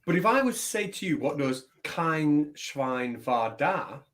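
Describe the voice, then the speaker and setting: Quick halting Englishman on a call. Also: on the high side, big pitch swings, a bit bright. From England. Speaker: guest. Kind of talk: casual video call chat. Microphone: video call.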